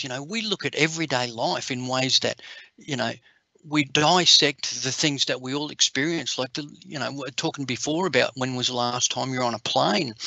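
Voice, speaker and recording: Gravelly, bright Australian comedian. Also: male voice, mid-range voice, no room sound, rough recording. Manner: chatty storyteller, many "you know" fillers. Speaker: comedian and workshop host. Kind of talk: comedic talk in an online workshop.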